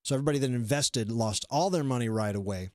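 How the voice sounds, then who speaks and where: A man's voice: medium pitch, quick pace, mellow, dry recording. A man hosting a comedy live stream, chatting casually and rambling with lots of fillers and restarts. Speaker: comedy show host.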